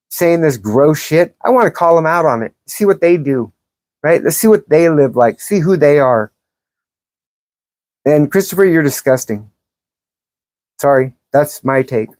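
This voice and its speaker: A woman's voice: deep voice, animated, moderate pace, pauses often, a little mellow, no room sound. Sarcastic, combative woman livestream host. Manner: combative, sarcastic, calls out commenters; blunt and profane. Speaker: livestream host reading chat. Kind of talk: live-stream commentary.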